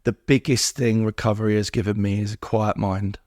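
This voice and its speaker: Brisk and level, this man's low, darkish voice comes through a dry, clean studio recording. As a guest on a podcast, he talks with deep feeling and earnestness, circling back to the same ideas in rhythmic lists.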